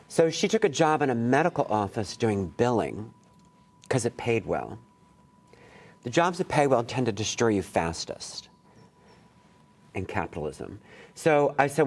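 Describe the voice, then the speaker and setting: A man leading a college poetry workshop, talking casually and candidly to students, with rambling asides and casual swearing. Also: mid-range voice. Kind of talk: casual, digressive workshop talk. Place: college classroom.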